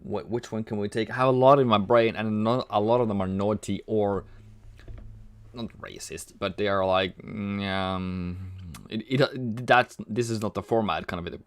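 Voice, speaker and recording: A man's voice: lowish voice, fairly even intonation, moderate pace, clean tone, no room sound. A man hosting a casual trading livestream, chatty, reading viewer comments aloud and cracking jokes. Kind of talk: casual live-stream chat.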